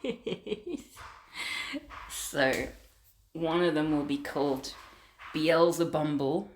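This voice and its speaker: A woman streamer chatting casually on a live stream, often cooing at kittens in a high baby-talk voice and laughing often. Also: steady tone, slow, a little hiss or hum.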